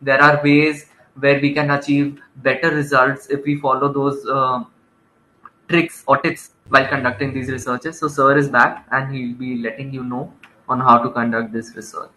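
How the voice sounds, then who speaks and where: A man's voice: medium pitch, level tone, normal speed, pushed and bright, a little hiss or hum, poor audio. A man moderating an online legal masterclass, politely introducing the speaker and filling time with frequent "uh" fillers over a video call. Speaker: webinar moderator.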